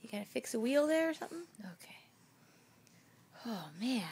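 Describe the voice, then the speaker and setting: A woman's voice: on the high side, expressive, normal speed, darkish tone, husky. A young woman in a home video, coaxing a baby in a sing-song voice. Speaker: parent filming a baby.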